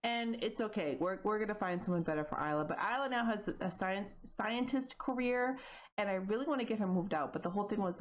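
A woman's voice: medium pitch, slight background noise. A young woman casually commenting on her own gameplay, rambling and correcting herself as she goes. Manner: chatty, rambling, self-correcting with frequent apologies. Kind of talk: casual let's-play commentary.

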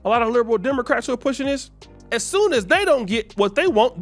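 A man with a notably high-pitched voice delivers a heated commentary rant, repeating his lines for emphasis. Soft music plays faintly under his voice. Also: lively intonation, fast talker. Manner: heated, ranting, repetitive emphasis. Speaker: commentary channel host. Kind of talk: opinion commentary monologue.

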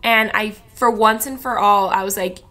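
A woman's voice: mid-range voice, steady tone, moderate pace, sharp tone. A woman in her twenties from Florida, a podcast guest in a candid chat, rambling and emotional with lots of "like". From Florida, USA. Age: 20s. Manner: rambling and emotional, heavy use of "like".

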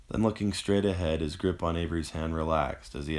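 A man narrating his own novel in a measured, somber audiobook reading. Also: deep voice, fairly even intonation, a little mellow. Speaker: author and narrator.

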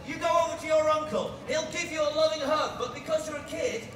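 A man performing a crowd-work street show outdoors, loudly bossing and teasing his volunteers. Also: very high-pitched, brisk, background noise. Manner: loud, bossy and teasing with volunteers. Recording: distant echoey outdoor sound with loud crowd.

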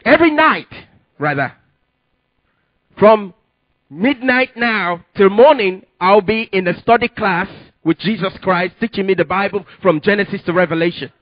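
A man preaching a sermon and telling his testimony, with emphatic delivery that rises to sudden loud peaks. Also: high voice, moderate pace, no echo, lo-fi sound. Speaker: pastor.

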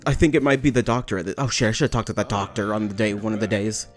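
Young male let's player, mid-pitched, jokey, profane, faint music. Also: lively intonation, moderate pace. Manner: joking and profane, laughs often. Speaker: let's play gamer. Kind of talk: casual gameplay commentary.

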